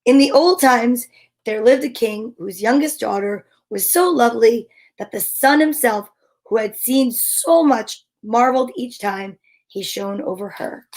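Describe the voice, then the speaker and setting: A woman's voice: a little high, animated, unhurried, a little mellow. Playful woman reading a children's story. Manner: playful, chatty asides. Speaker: storyteller host. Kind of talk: children's read-aloud.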